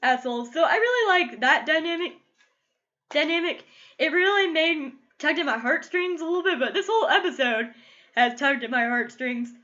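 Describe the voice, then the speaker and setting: High bright gushing young woman. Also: expressive, moderate pace, highs cut off. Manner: gushing, emotional, many "like" fillers. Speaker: TV show reviewer. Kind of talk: casual solo review vlog.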